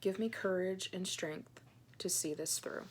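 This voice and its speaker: A woman in her thirties, a Christian blogger, speaking softly and hesitantly with many ums as she reads her own journal aloud in a personal vlog. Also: mid-range voice, unhurried, a little hiss or hum. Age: 30s. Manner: earnest and heartfelt.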